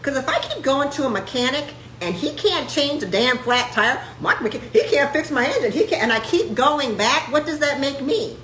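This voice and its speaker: Brash female chiropractor host on a live stream, high lively voice, sarcastic rant, roomy echo with faint noise. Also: moderate pace, hardly any pauses.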